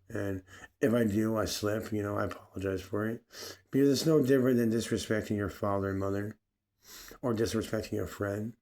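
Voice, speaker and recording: A man's voice: lowish voice, a little mellow. A man talking through a personal reflective monologue, rambling and searching for words with many fillers. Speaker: vlogger.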